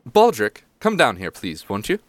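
A man's voice: low voice, expressive, unhurried, fairly bright tone, dry recording, exaggerated voice. A man doing a weary halfling lord. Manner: tired, polite and formal. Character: weary middle-aged halfling lord, sleepless and tense. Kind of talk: voicing a character in a tabletop game.

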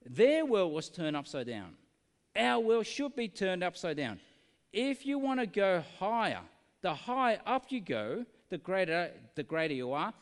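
A man preaching a sermon, earnest and full of rhetorical questions, slowing down to stress key words. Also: sits high, big pitch swings, big-room sound.

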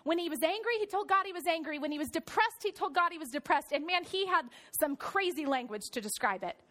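High-voiced woman pastor preaching. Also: fast talker. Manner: animated storytelling, swings from soft to loud. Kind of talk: sermon.

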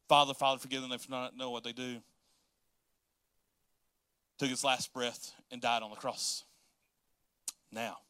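Male preacher, slightly high, bright voice; casual, joking sermon delivery with stop-start repetitions. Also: dry recording. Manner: casual, joking, repeats words as he restarts.

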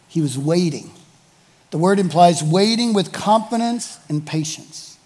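A man's voice: high voice, expressive, a little slow, a little mellow, in a large hall. A male pastor preaching a sermon with emphasis, repeating key phrases for weight.

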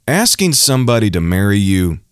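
A young preacher man with a very low voice gives a heartfelt testimony, pressing his points home by repeating phrases. He is recorded close and dry, with no room around him. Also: big pitch swings, fairly quick, smooth, dry recording. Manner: emotional, emphatic, repeats phrases for effect. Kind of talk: personal testimony in a preaching style.

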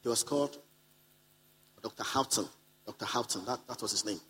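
A man's voice: fairly low pitch, fairly quick, a bit bright, low-quality recording. A man preaching a sermon to a live congregation, repeating key lines for emphasis and calling out to the listeners. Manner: calls out to the congregation. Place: conference hall.

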